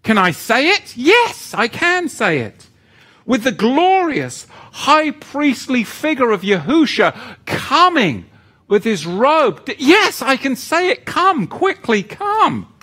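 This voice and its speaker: Male preacher, high bright voice, unhurried, lively sermon with rhetorical questions. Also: slightly rough. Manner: animated, swings between loud and hushed.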